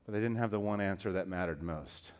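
This pastor has a low, clean-toned voice and preaches fast. His sermon swings passionately from soft, hushed lines to loud emphasis, with the listeners addressed as beloved and dear friends.

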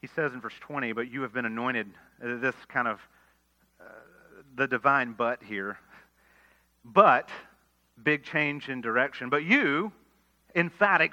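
Male pastor preaching a sermon; very bright tone, earnest, emphatic then hushed, muffled lo-fi audio. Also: mid-range voice, a little slow, pauses often. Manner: earnest preaching, swells to emphatic lines and drops to quiet asides. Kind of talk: expository sermon. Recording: dull lo-fi sermon recording.

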